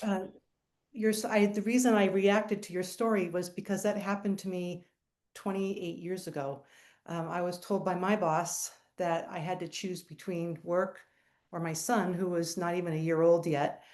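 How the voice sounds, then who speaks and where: Woman, 50s, business owner on a panel, soft and halting, emotional. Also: fairly low pitch, steady tone. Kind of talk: webinar panel discussion.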